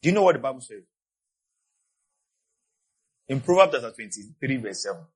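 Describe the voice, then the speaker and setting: A man preaching a sermon with passion. He swings between quiet asides and shouted peaks, and he repeats key phrases for emphasis. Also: mid-range voice, sing-song, moderate pace, slightly rough. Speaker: pastor.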